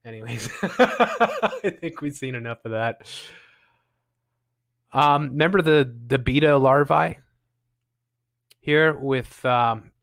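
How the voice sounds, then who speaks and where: A man's voice: medium pitch, huge pitch swings, slow pace, long pauses, a bit bright. A man hosting a show, giving sarcastic, mocking commentary on videos he plays and laughing often. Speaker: host. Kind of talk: casual commentary reacting to videos.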